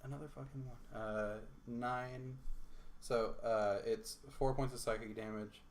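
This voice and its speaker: A man plays a tabletop game, cracking jokes and swearing casually. Steady background noise sits under his voice. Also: mid-range voice, a little slow. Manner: joking, swears freely. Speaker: player.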